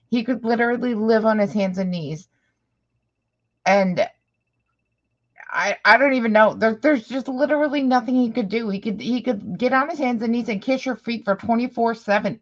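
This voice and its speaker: A woman's voice: mid-range voice, lo-fi sound. A woman hosting a reaction video, commenting with sarcasm and exasperation on a clip.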